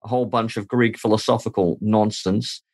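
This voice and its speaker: A man hosting a podcast, asking questions in an animated, joking way during a casual discussion. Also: fairly low pitch, a little fast, no echo.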